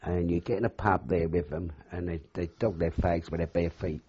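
Being interviewed for an oral history, this older man wanders through anecdotal memories and performs the dialogue as he goes. His deep, warm, husky voice has fairly even intonation and a moderate pace. The recording is dull and lo-fi.

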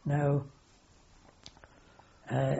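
A man's voice: mid-range voice, completely flat delivery, extremely slow, gravelly, warm tone, dull audio, slight background noise. An older man, a wartime aircrew veteran, telling a long anecdote in an oral history interview. He rambles, corrects himself as he goes and keeps a dry humour.

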